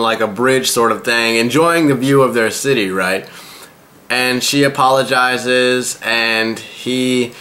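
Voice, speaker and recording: Bright-voiced man recapping an anime episode. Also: mid-range voice. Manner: crude, rambling retelling with profanity. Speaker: anime reviewer.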